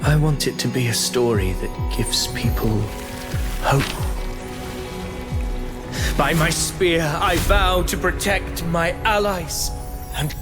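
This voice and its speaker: An actor playing a resolute young spear warrior who speaks earnestly and slowly, in game audio with music and rain behind. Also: male voice, a little high. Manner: earnest and solemn.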